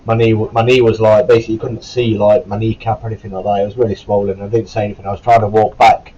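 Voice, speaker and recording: A former Marine recruit telling a casual, rambling story to camera, with a sore, cough-prone throat and a sweary, self-correcting way of talking. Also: male voice, lowish voice, flat delivery, quick pace, warm tone, dull audio, a little hiss or hum.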